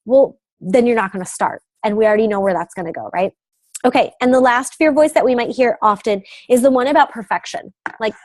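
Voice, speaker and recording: A woman's voice: fairly high pitch, brisk, darkish tone, no room sound. A young adult woman coach giving an upbeat, emphatic motivational talk. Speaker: business coach.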